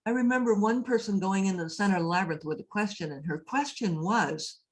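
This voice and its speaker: A woman's voice: medium pitch, quick pace, hardly any pauses. A woman priest giving a conversational lecture, telling stories and often turning to ask her listeners questions. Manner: storytelling, often asks the audience questions. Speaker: priest and labyrinth teacher giving a talk. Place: cathedral speaker event.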